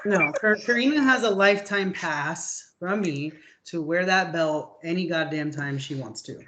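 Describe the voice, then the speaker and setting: Earnest, higher-voiced man on a podcast. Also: measured pace, sharp tone. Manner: earnest, swears casually. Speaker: podcast host. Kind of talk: casual podcast chat.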